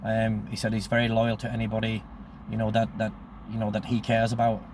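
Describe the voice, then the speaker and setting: A low-voiced man in his sixties spins a long, meandering tale from his past. He swears freely and keeps checking in with "you know what I mean", and his delivery stays level and flat, with a faint background hiss. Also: a little fast. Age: 60s. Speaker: storyteller recounting his life. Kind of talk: casual spoken memoir.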